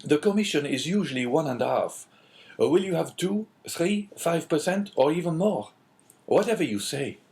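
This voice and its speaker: A man's voice: on the high side, animated, normal speed, darkish tone, voice pushed up. A man voicing an anxious, eager middle-aged French prison inspector in an audiobook, in a fretful, pleading manner.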